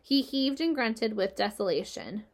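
Woman reader, children's book aloud, measured and gentle, slightly high voice. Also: expressive.

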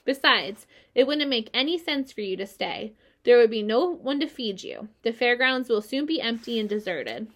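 Woman as a gentle wise spider. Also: on the high side, normal speed. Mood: firm. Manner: gentle, steady, reassuring. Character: wise, gentle female spider, calm and weary.

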